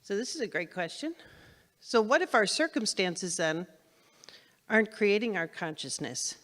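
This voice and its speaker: A woman minister gives a spiritual lesson to her congregation in a spiritual center meeting hall, speaking conversationally and repeating phrases for emphasis. Her medium-pitched, fairly bright voice swings widely in pitch at a normal speed, and the hall adds a long reverb.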